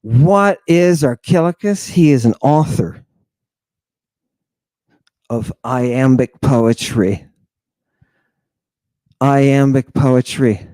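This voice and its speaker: A man lecturing with a theatrical flair, pressing on key words and repeating them for effect. His voice sits a little high for a man and he takes his time. The sound is close and dry. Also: darkish tone, no room sound. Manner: emphatic, repeats key words, fires rhetorical questions. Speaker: lecturer and host.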